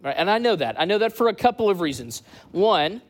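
This high-sitting, brisk male voice belongs to a man in his late thirties, a church community director from the US East Coast. He tells lively stories and banters with a church crowd.

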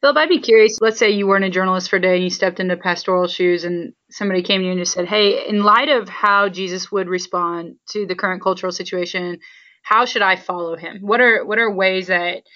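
A woman's voice: medium pitch, fast, a bit bright. A female co-host putting a curious question to a guest in an interview. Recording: dull lo-fi sound.

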